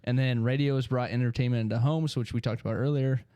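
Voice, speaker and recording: A man's voice: mid-range voice, fairly even intonation, fast talker, mellow, clean tone, no echo, highs cut off. A man co-hosting a podcast in casual chat, rambling with many fillers. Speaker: podcast co-host.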